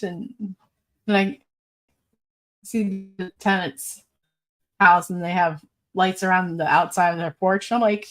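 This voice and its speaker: A woman's voice: on the low side, steady tone, a little slow, long pauses. A woman hosting a casual live stream, reading viewer comments aloud in a chatty, rambling way and laughing often. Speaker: livestream host.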